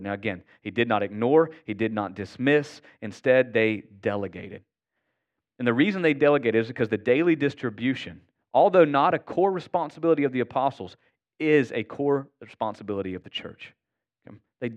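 Casting man, pastor mid-sermon, earnest and conversational, mid-pitched, slightly dull lo-fi recording. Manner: earnest, conversational preaching with repeated "y'all".

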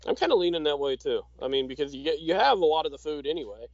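A man co-hosting a casual chat, easygoing and halting, with a dry sarcastic streak. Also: on the high side, animated, dry recording, dull audio. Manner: easygoing, many fillers and restarts, dry sarcasm. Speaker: podcast co-host.

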